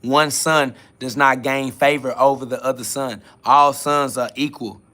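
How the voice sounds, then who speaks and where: A man with a medium-pitched, bright, forceful voice hosts a spiritual podcast, keeping a steady tone and an unhurried pace. He answers chat comments with a casual self-affirmation sermon, preaching emphatically with street slang and repeated catchphrases.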